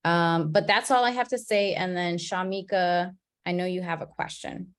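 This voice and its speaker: A woman leading an online class on a video call, talking in a relaxed, chatty way and laughing at her own slips. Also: lowish voice, moderate pace. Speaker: class facilitator.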